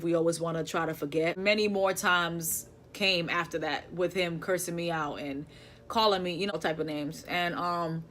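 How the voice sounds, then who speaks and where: A young woman, telling a personal story in a casual, halting, emotional way with many fillers. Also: fairly low pitch. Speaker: vlogger.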